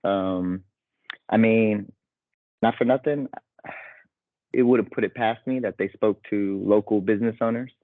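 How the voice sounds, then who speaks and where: A man co-hosting a casual podcast, with a gravelly voice, speaking in a measured way and asking questions. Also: fairly low pitch, no echo. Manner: measured, questioning, gives short backchannels. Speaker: podcast co-host. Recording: dry, phone-like thin audio.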